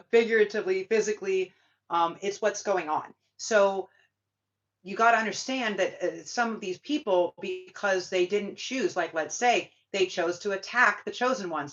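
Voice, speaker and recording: A woman hosting a casual spiritual monologue, talking emphatically and ramblingly, swearing freely and filling pauses with ums and likes. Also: medium pitch, fairly bright tone. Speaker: spiritual reader and channel host. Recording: dull lo-fi sound.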